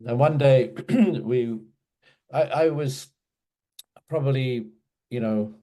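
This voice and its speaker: A man's voice: medium pitch, slow, warm tone. A man casually telling a personal memory in an interview, hesitant, with many restarts and fillers. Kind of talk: casual storytelling.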